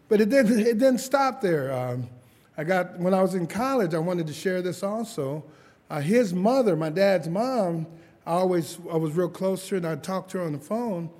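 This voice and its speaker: A man's voice: high-pitched, normal speed. A middle-aged man preaching a sermon testimony in a church, telling family stories with frequent chuckles and calls for amen. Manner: lively storytelling, chuckles often, calls for amens.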